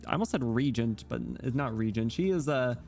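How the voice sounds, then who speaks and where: A man's voice: mid-range voice, lively intonation, a little fast, a little mellow. Male stream host, casual rambling delivery, frequent restarts, light music bed behind. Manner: rambling, self-interrupting, laughs often. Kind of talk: casual livestream chat.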